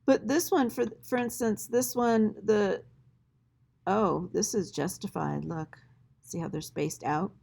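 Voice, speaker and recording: Slow, gravelly-voiced woman teacher. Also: mid-range voice, darkish tone. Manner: conversational, frequent check-ins like "all right?". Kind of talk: screen-recorded class tutorial.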